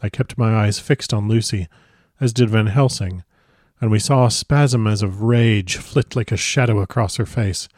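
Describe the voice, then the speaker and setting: A man narrating a classic novel as an audiobook, with a measured, expressive reading. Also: lowish voice, dry recording, studio quality.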